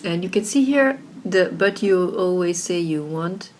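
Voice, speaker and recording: Woman presenter, slightly low voice, relaxed and filler-heavy, built-in laptop mic with light background noise. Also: unhurried. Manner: chatty, many fillers like "like" and "you know". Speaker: software tutorial presenter. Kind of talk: casual screen-recorded tutorial. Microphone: built-in laptop microphone.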